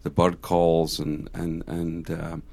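A man's voice: low-pitched, monotone, takes it slowly, gravelly, darkish tone. A Scottish man in his fifties, a guest chatting casually, thoughtful and hesitant with many restarts. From Scotland. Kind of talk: casual conversation.

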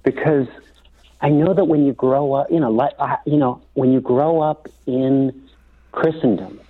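A man's voice: mid-range voice, a little slow. A man joining a radio show by phone as a guest, earnest and reflective, often restarting his sentences. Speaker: call-in guest. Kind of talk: radio interview over the phone. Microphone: telephone. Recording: tinny phone line.

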